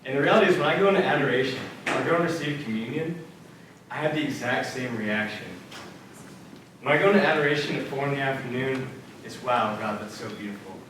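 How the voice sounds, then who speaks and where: A man's voice: medium pitch, quick pace, far from the mic, noisy background. Young man talking in an echoey room. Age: young adult. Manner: casual, earnest storytelling with fillers. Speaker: student speaker. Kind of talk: personal faith talk. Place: multipurpose room at a church center.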